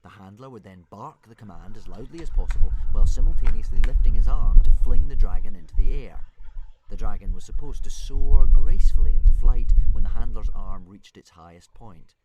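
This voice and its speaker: Man reading aloud over loud typing. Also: on the low side, a little fast, heavy background noise. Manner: expressive storytelling. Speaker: streamer. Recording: loud keyboard typing behind.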